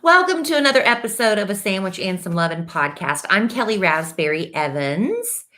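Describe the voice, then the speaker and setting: A woman's voice: medium pitch, big pitch swings, moderate pace, pushed and bright. A woman co-hosting a podcast, chatting casually in a folksy way and calling people "honey" and "y'all.". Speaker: podcast co-host. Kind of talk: casual chat.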